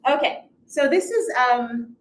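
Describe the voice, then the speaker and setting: A woman with a high-pitched, slightly slow voice chats about her novel before reading from it, laughing easily and poking fun at herself in a lively way. It's a live book reading and chat at a bookstore, recorded with an echo and a bit of background noise.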